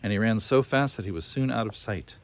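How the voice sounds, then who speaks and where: Male storybook narrator, low voice, gentle and clear. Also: a little fast. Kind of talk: children's story reading.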